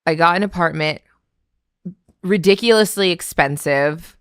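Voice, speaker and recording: A woman from Canada talks as a podcast guest, with a low, smooth and resonant voice. She tells lively stories, laughs often and acts out the voices of people she quotes. The sound is close and dry. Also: measured pace, no room sound. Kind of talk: casual chat.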